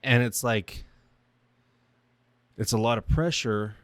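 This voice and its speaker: A man's voice: mid-range voice, takes it slowly, fairly bright tone, clean tone, dry recording. A young man hosting his own podcast, talking about himself in a raw, emotional monologue that halts and restarts. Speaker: podcast host. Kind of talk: personal reflective monologue.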